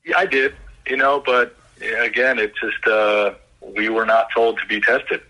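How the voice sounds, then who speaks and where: A man answering press questions as a basketball coach, halting and measured, with lots of fillers. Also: on the low side, fairly even intonation, pushed and bright, poor audio. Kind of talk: press conference call answers.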